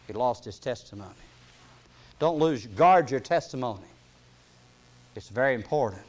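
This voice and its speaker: Man preaching with loud scripture readings. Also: medium pitch. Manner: reads scripture aloud with rising emphasis, then drops soft; King James scripture quotations, plain folksy asides. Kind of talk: sermon.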